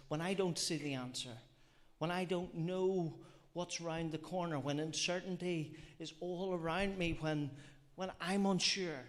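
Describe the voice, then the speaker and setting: A man preaching a sermon, earnest and reflective, often repeating phrases and asking rhetorical questions. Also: a little high. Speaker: lay preacher.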